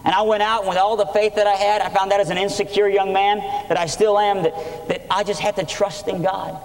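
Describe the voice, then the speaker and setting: A man's voice: high-pitched, brisk. Man preaching in an echoey hall. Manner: earnest, animated storytelling. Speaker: preacher giving testimony. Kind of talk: sermon testimony.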